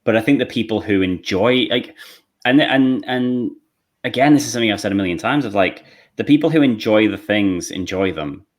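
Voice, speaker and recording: A man's voice: lowish voice, animated, moderate pace. A man co-hosting a podcast, talking in a rambling way with frequent restarts. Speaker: podcast co-host. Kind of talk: casual podcast chat.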